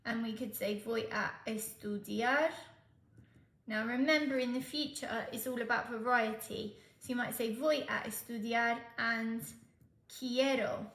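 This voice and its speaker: A woman's voice: a little high, steady tone, unhurried, a bit bright. Patient woman teaching Spanish, roomy sound. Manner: patient, explains step by step, checks in with "okay?". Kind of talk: exam tutorial.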